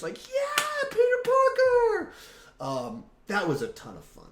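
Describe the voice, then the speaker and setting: A fairly high-voiced man hosts a casual live-stream, his pitch leaping around as he restarts thoughts and piles on fillers. The sound is roomy and echoey. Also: a little hiss or hum. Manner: animated, trailing restarts and fillers. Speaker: host.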